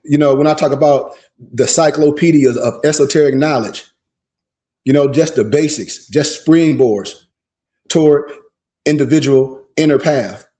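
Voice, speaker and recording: A man lecturing to a class on esoteric teachings, his voice pitched a little high yet soft and mellow in tone. He preaches in emphatic, repetitive bursts, then slows right down to lay out lists one item at a time.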